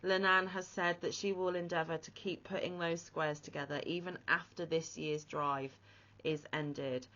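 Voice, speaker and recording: A woman's voice: sits low, steady tone, normal speed, bright, forceful tone. A woman hosting a crochet vlog, talking casually and with heartfelt, emotional praise. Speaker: crochet channel host. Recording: slightly muffled lo-fi audio.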